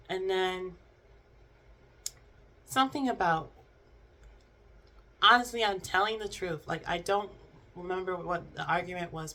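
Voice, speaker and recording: A young adult vlogger telling a personal story in a halting, subdued way, with many restarts and fillers. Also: medium pitch, gravelly, sharp tone, slight background noise. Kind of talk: unscripted storytime monologue.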